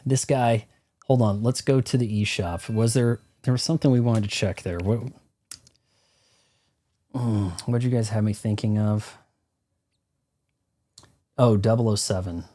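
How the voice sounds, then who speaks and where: A man's voice: lowish voice, steady tone, a little slow, long pauses, mellow. A man ranting his opinions in loose, profane gameplay commentary on a live stream. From United States.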